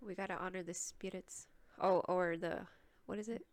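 A young woman co-hosting a podcast, excitable and quick to laugh. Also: on the low side, dry recording. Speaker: podcast co-host. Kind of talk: casual chat.

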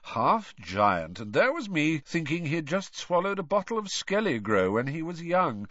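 A man doing a smug teenage bully who drawls his mockery slowly. The voice sits close and dry, with a slightly dull, lo-fi tone. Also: fairly high pitch, big pitch swings, a bit bright, no echo, voice pushed up, exaggerated voice. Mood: gloating.

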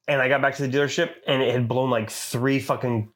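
A man with a Southern US accent, a podcast co-host telling crude, animated stories in casual banter over drinks. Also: medium pitch, fast.

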